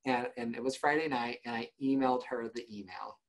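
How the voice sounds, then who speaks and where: A man's voice: medium pitch, fairly quick. A man co-hosting a podcast, telling a story about himself in casual chat and laughing often. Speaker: podcast co-host.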